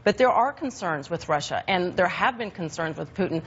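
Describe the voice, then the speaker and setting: A woman commentator on a news panel, talking in a quick, assured way as she defends her side. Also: lowish voice, animated, a bit bright, a little hiss or hum. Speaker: political commentator. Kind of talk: broadcast panel discussion. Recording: dull lo-fi broadcast audio.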